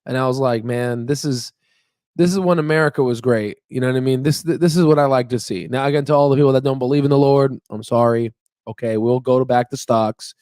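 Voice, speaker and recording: A man's voice: mid-range voice, steady tone, brisk, a little mellow, no room sound, clean studio sound. A young man hosting a stock market channel, chatting casually and rambling with fillers and laughs. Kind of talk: casual livestream chat. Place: staying in Memphis, Tennessee. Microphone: on Wi-Fi stream.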